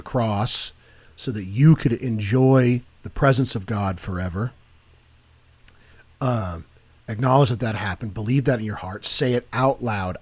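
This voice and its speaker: A man co-hosts a Christian talk podcast, speaking casually to his co-host in an unhurried, mid-range voice. He jokes with building energy before turning earnest and preachy in this relaxed faith chat.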